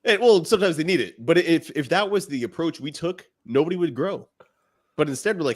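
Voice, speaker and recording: A man co-hosting a podcast in casual chat, animated and acting out what other fathers say. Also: on the high side, fairly quick. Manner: animated, acts out quoted lines. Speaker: podcast co-host.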